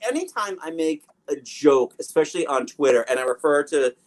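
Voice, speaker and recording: A man's voice: a little high, lively intonation, a little fast. A man co-hosting a movie podcast in casual chat, rambling and joking through long asides. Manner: rambling, jokey, trails into asides. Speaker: podcast co-host.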